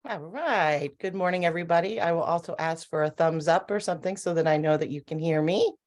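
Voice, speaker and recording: A woman with a lowish voice gives a webinar talk over a video call. She talks in a friendly, conversational way and chuckles now and then. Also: fairly quick, darkish tone. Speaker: presenter. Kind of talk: webinar presentation.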